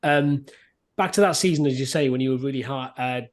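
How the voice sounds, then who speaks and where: A man's voice: mid-range voice, a little fast. A man hosting a podcast, asking friendly interview questions with a few fillers. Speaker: podcast host.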